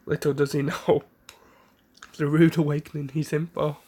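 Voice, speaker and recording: A man casually narrating an improvised fan story in a rambling, halting way with many restarts. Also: fairly high pitch, flat delivery, mellow.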